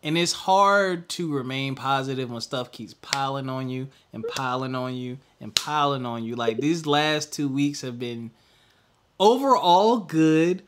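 A young adult man co-hosting a podcast, venting candidly in casual chat and trailing off into quiet mutters. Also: medium pitch, unhurried, few pauses, a little hiss or hum. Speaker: podcast co-host.

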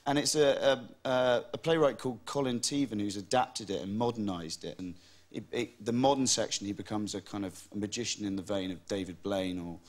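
A man's voice: lowish voice, a little fast. A man, an actor guest on a talk show, speaking in a good-humoured way and often restarting his words. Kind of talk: chat show interview. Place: TV studio with audience.

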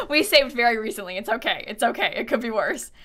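A woman's voice: on the high side, lively intonation, normal speed, bright, forceful tone, soft background music. A young woman chatting casually and giggling often as she streams herself playing a game. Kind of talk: casual live-stream chat while playing.

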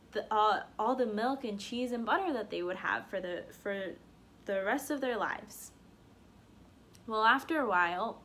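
Woman telling a folktale aloud. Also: a little high. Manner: animated, homespun. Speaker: storyteller.

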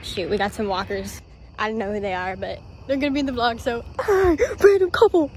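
A woman's voice: medium pitch, fast talker, a little hiss or hum. A young woman vlogging in a casual, giggly, rambling way, full of fillers, filmed on a handheld camera at home and out on a night walk. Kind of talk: casual vlog chat.

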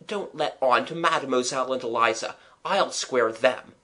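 A reader voicing a brave schoolboy who puts on a loud, hearty cheer in a storybook reading. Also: medium pitch, moderate pace, close to an everyday voice. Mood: jolly.

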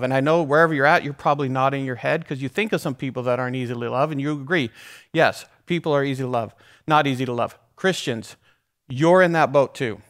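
A pastor preaching a sermon in a conversational way, with side remarks and restarts. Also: male voice, a little high, brisk, fairly bright tone.

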